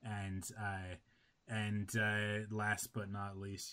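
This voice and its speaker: A man's voice: fairly low pitch, monotone, very slow, pushed and bright, clean tone. A man hosting a podcast, signing off in a loose, rambling way with lots of fillers. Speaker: podcast host. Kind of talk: casual podcast chat.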